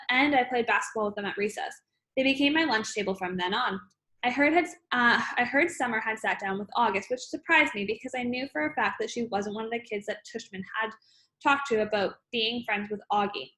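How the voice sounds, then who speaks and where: A woman reads a novel aloud in a plain, steady way. Her voice sits a little high, and now and then she stumbles and restarts a phrase. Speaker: audiobook reader.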